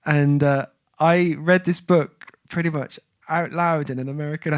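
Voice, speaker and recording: A man hosts a music livestream, chatting casually, reading viewer comments, and rambling through a story he keeps breaking off and restarting. His fairly high voice is smooth and fairly even at normal speed, recorded cleanly in a studio with no room sound.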